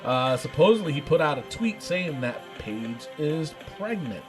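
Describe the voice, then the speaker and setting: A man hosting a casual podcast, excitable and laughing often, repeating himself as he talks. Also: on the high side, measured pace, soft background music, rough recording. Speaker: podcast host.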